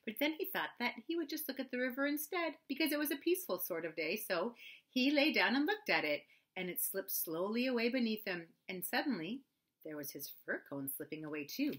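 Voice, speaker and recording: A woman gently narrating a children's storybook aloud, with expressive storytelling. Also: a little high, fairly quick. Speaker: audiobook reader.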